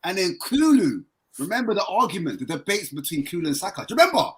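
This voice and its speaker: Talking fast with a breathy edge, this man is a football fan guest on a casual podcast. He's lively and excitable, and his voice shoots up when he's fired up.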